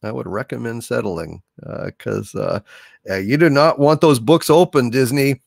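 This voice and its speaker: A man's voice: mid-range voice, normal speed, creaky, no echo, studio quality. A man hosting a livestream and reading out donations in a theatrical, hesitant way, full of fillers and restarts. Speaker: livestream host.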